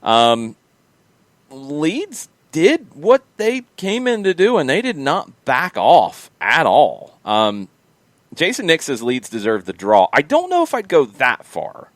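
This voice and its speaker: A man's voice: a little high, huge pitch swings, takes it slowly, no echo. A man hosting a sports podcast, talking casually through match results and thinking aloud with frequent ums. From United States. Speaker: podcast host.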